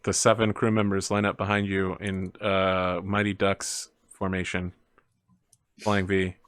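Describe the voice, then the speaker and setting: A man's voice: low voice, level tone, measured pace, fairly bright tone, smooth, dry recording, clean studio sound. A man narrating as game master, in a casual, joking way with many fillers.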